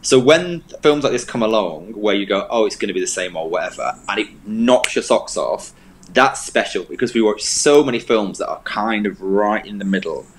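A man's voice: lowish voice, expressive, normal speed, a little hiss or hum, low-quality recording. A man co-hosting a film review show, talking in an enthusiastic, casual way and repeating words for emphasis. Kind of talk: casual chat.

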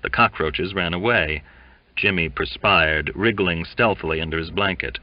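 Male audiobook narrator, low voice, measured delivery, dull lo-fi sound. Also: no echo. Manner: measured, deliberate. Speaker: audiobook reader. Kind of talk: scripted narration of a classic novel. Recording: dull lo-fi dry recording.

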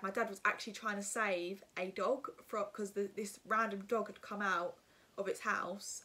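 A young woman tells her viewers a story in a loose, chatty way. She rambles and fills her sentences with fillers, and her voice sits in a middling pitch. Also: pushed and bright. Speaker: vlogger. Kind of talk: casual storytime.

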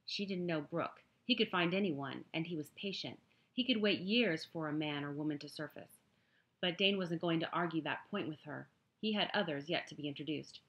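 A woman reading a romance novel excerpt aloud in a smooth, steady storytelling manner. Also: deep voice, normal speed, dull audio. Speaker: audiobook reader.

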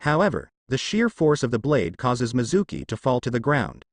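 A man narrating a fan fiction tale with dramatic storytelling. His pitch moves in lively swings. The recording is close and dry. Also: moderate pace, dry recording.

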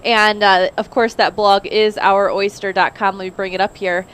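A woman's voice: mid-range voice, level tone, moderate pace, fairly bright tone, clean tone. A woman hosting a live online talk show, chatty, with frequent "uh"s and easy laughter. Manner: chatty, laughs easily, filler "uh"s. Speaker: host. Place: Indiana, US.

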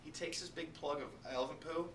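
A biology teacher lecturing his class, animated and joking, talking straight to his students. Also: a little high, fast talker. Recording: echoey classroom, distant mic, noisy.

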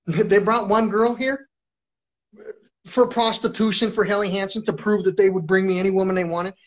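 High-voiced man ranting on a live stream. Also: a bit bright. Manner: profane, agitated, repeats himself. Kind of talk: rambling live-stream monologue.

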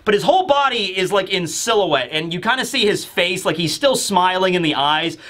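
A man giving a casual, chatty recap of a manga chapter, with animated asides. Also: high-pitched, moderate pace. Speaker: manga review YouTuber. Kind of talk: casual commentary.

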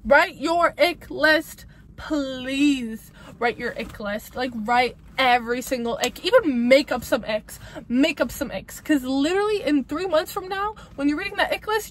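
A young woman with a high, bright-pitched voice vents in a casual advice monologue, blunt and profane. She hammers her points home by repeating them. A faint hiss of noise sits under her voice. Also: moderate pace. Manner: blunt, emphatic and profane, ranting with repetition. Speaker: vlogger giving breakup advice.

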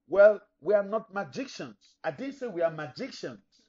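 A middle-aged male pastor delivers an emphatic sermon, voicing the objections of imagined listeners as he goes. His voice sits a little high for a man. The recording is dull and lo-fi. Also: expressive, normal speed, few pauses, a little mellow.

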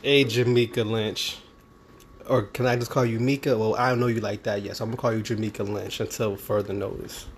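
A man's voice: lowish voice, flat delivery, brisk, a little hiss or hum. A young man, co-hosting a cooking livestream, reading viewer comments in a teasing, easygoing way. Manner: teasing, laughing easily. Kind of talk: casual livestream chat.

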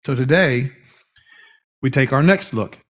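A man's voice: medium pitch, a little slow. Earnest man preaching a sermon. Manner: earnest, with stretched emphatic words and brief restarts. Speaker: pastor. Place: church sanctuary.

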